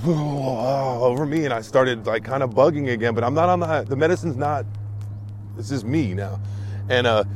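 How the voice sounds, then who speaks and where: A man's voice: mid-range voice, slight background noise. Man telling a wild story, cursing. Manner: animated, profane, emphatic. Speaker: storyteller in a group chat. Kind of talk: casual storytelling.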